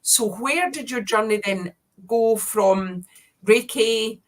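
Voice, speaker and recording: A woman's voice: on the high side, takes it slowly. Curious woman host asking questions. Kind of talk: interview questions.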